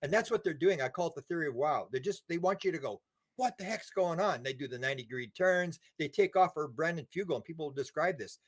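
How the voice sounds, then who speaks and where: An older man, a guest in a casual interview, telling animated stories with many restarts and repeated words. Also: on the high side, fast talker, hardly any pauses. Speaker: interview guest, UFO researcher.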